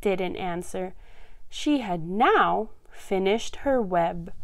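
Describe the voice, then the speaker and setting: A woman reads a picture book to small children in an unhurried, sing-song voice. She takes her time over each line and lifts her voice high for the animal calls. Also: lively intonation. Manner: bright, sing-song storytelling with animal sounds. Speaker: children's story reader. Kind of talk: picture book read-aloud.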